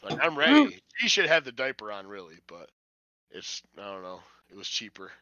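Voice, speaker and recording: A man hosts a casual chat podcast from home, rambling, swearing and laughing often. His lowish voice swings hugely in pitch at normal speed, bright and forceful, with dull lo-fi audio and no room sound.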